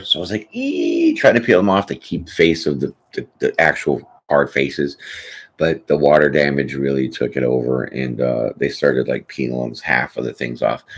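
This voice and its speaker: A man hosting a tarot channel, chatting casually and rambling through a live question session, often tossing in "you know what I'm saying". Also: very deep voice. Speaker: tarot reader host.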